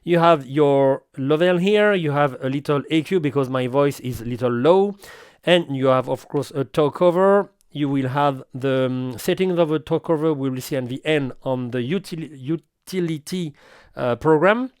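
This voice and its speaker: A man reviewing gear in slightly halting English, often restarting his sentences. His voice is smooth and sits a little on the high side, and the recording is close and dry. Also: no room sound. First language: French. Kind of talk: product demo walkthrough.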